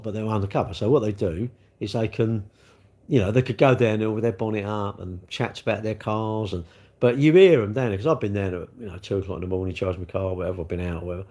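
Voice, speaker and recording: Casting note: middle-aged bloke, casual livestream host, rambling and chatty. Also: male voice, fairly low pitch, darkish tone. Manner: rambling, chatty, reads out viewer comments.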